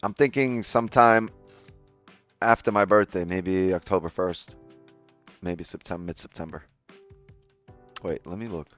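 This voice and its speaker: A man's voice: sits low, steady tone, measured pace, pauses often, fairly bright tone, soft background music. A man hosting a casual trading live stream, talking straight to his chat in a loose, joking way and swearing often.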